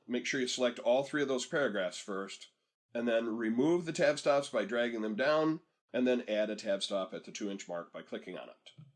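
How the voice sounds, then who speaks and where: A man in a mid-range voice gives a screen-recorded software lesson. He talks steps through in an easy, conversational way and stops now and then to let learners follow along. It sounds like a desktop microphone. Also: mid-range voice. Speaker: software instructor.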